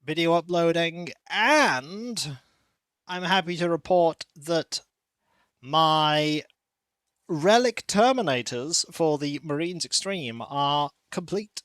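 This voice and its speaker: A man's voice: fairly high pitch, animated, slow, a bit bright, clean tone, no echo. A man streaming from home, chatting casually with viewers and cooing at his cat. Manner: chatty, coos and baby-talks to his cat. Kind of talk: casual pre-stream chat.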